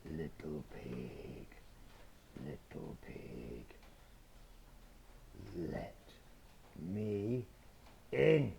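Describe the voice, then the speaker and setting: A man voicing a big bad hungry wolf while reading a picture book aloud to children, with drawn-out, menacing lines. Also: rumbling low, very animated, creaky, mellow, a little hiss or hum, pitched below the performer's own voice, exaggerated voice.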